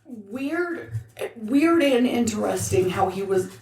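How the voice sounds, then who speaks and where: A woman's voice: medium pitch, animated, slow, darkish tone. A woman co-hosting a podcast, chatting and reacting casually. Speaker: podcast co-host. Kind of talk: casual chat. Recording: echoey room with faint noise.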